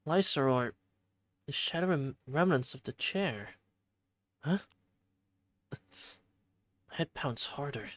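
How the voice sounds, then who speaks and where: A streamer reading a visual novel aloud from a home streaming setup, with expressive delivery and jokey asides. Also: medium pitch, slow pace, pauses often, no room sound.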